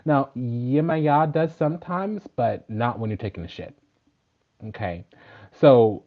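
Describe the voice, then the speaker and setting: A man's voice: medium pitch, animated, moderate pace. A man who works as a spiritual teacher gives a casual sermon, emphatic and profane, preaching in rhythmic lists. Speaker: spiritual teacher and tarot reader. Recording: dull lo-fi recording.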